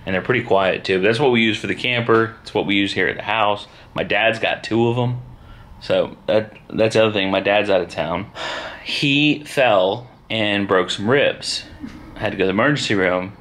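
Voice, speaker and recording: A man, chatting casually at home as a family vlogger, relaxed and rambling. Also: on the low side, normal speed. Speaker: vlogger and father. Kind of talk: casual chat.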